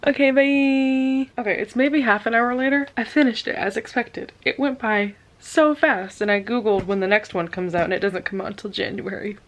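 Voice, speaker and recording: A woman's voice: fairly high pitch, moderate pace, hardly any pauses. A woman, chatting casually to camera as a book vlogger, with lots of "like" fillers. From Texas. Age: early 20s. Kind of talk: casual vlog chat.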